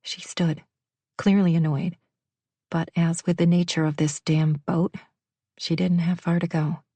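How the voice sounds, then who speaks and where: This is a female audiobook narrator reading a romance novel. Her voice is low and mellow, and her delivery is steady and measured. The sound is close and dry, like a studio booth. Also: husky, dry recording.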